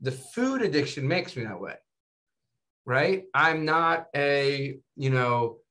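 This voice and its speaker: Taking it slowly in a mid-range voice, a male doctor tells stories with real animation as a guest in a casual interview. He habitually tacks on "right?" and "you know."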